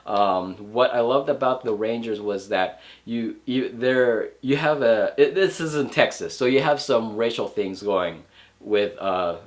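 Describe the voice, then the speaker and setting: A man's voice: mid-range voice, measured pace. A young man reviewing a film in a loose, chatty way, his voice stuffy and sniffly from allergies. He rambles, backtracks and leans on filler words as he talks things through. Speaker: movie reviewer. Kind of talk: casual spoken film review.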